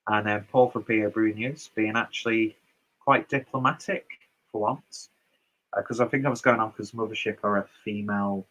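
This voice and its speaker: A man's voice: lowish voice, fairly even intonation, normal speed, a bit bright, poor audio. A man casually reading out and answering viewer comments on his beer reviews, loose and chatty with lots of fillers and asides.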